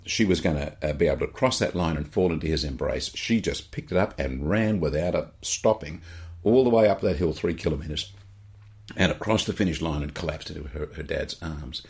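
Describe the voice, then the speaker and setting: An Australian man with a very low, deep voice tells a story on a talk podcast. He is animated and often restarts his sentences as he goes. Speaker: podcast co-host. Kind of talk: storytelling in casual chat.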